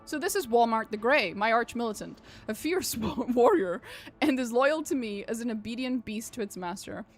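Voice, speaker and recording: A woman's voice: on the high side, expressive, moderate pace. A woman reading aloud as a boastful, blunt male noble warlord from a game, over faint music.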